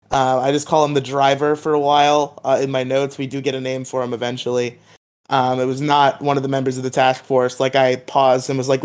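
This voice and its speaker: A man's voice: mid-range voice, smooth. A man co-hosting a podcast, recapping a TV episode in a chatty way full of fillers. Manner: chatty, filler-heavy retelling of scenes. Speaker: podcast co-host.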